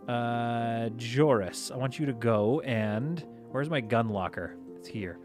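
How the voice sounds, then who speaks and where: A man commentating live over a space strategy game, giving orders to his crew and reacting out loud as things go wrong. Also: medium pitch, slow pace, over music. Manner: excitable, talks to himself and his crew while playing. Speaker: gaming streamer.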